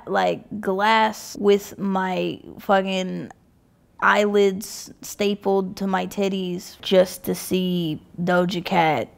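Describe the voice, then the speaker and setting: A woman's voice: medium pitch, slow, vocal fry. A woman in her twenties casually reading and reacting to online comments, laid-back and sarcastic, swearing freely.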